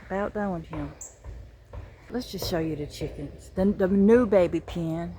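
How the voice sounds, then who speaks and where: Here a Southern-accented woman walks through her backyard garden with chickens, holding her phone, in a casual, chatty vlog. Her voice is lowish and measured with slight background noise, and she jokes animatedly, moving between quiet muttering and loud exclamations.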